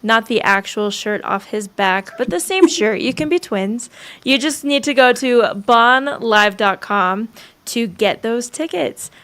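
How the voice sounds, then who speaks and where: This is a woman with a somewhat high voice who hosts a livestream interview. She talks in an encouraging, conversational way, prompting her guests and reading out announcements. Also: animated, a little slow, a bit bright. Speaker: livestream host.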